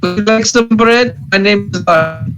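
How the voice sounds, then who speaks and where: A man's voice: high-pitched, normal speed, over music, voice pushed up, natural voice. A man voicing an overly cheerful man who greets everyone in a stiff, robotic sing-song way during a tabletop game. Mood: chirpy.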